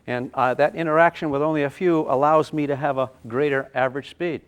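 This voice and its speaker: An older man teaching a physics class, lively and playful, with sound effects and acted asides. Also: a little high, a little fast, clean tone. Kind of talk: classroom lecture at a whiteboard.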